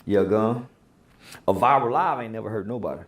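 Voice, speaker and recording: A man giving a heated interview, blunt and preachy, firing off rhetorical questions and sometimes raising his voice to a shout. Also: lowish voice, brisk, roomy sound. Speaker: interview guest. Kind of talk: heated opinionated interview talk.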